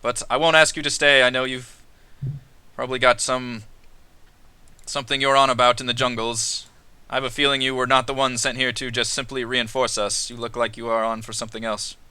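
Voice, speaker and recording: A weary, dutiful fort captain woman, voiced by a man, speaking in a measured and formal way with a crisp, bright voice. The sound is close and dry. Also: medium pitch, level tone, no echo, voice pushed up. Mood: earnest.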